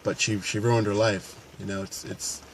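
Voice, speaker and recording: A man's voice: fairly low pitch, level tone, moderate pace, slight background noise. A man, a paramedic and fitness coach, talking earnestly and unscripted to camera with frequent restarts. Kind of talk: casual talk to camera.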